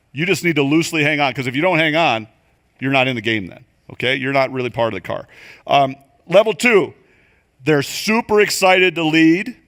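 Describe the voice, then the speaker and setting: An older man giving a church leadership training talk, animated and quick to act out the voices he quotes. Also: on the high side. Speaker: leadership coach. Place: church venue.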